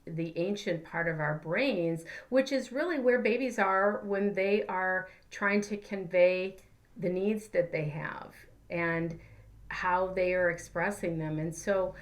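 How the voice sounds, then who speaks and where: A woman's voice: fairly low pitch, slow. A woman, a life coach and therapist, giving a casual spiritual teaching talk in an earnest, conversational way. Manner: earnest, conversational, acts out examples in her own voice.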